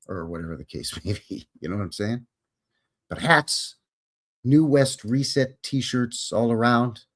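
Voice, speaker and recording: A Canadian man hosting a live stream in a folksy, jokey, casual way. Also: medium pitch. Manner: folksy, jokey, greets viewers by name. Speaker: host.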